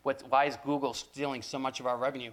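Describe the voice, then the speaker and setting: Older man, guest speaker, rambling conversational storytelling, restarts and asides, mid-pitched voice. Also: flat delivery, fast, fairly bright tone. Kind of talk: talk to students.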